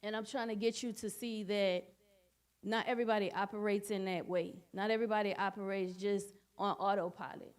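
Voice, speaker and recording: A woman's voice: medium pitch, steady tone, fairly quick. A woman speaking at a church Bible study, giving a personal testimony in an earnest way and repeating phrases for emphasis.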